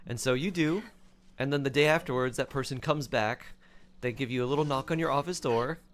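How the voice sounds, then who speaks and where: A man streaming, casually retelling a dream in a chatty, animated way with many fillers. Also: mid-range voice, fairly quick.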